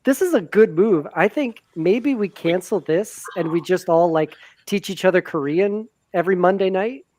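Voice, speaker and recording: A player making lively joking asides in casual chat. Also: mid-range voice, normal speed, few pauses, a little hiss or hum.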